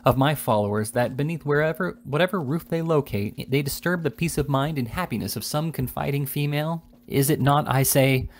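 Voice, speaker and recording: A man voicing an indignant, excitable elderly gentleman who declaims in outrage. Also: on the high side, brisk, few pauses, voice pushed up.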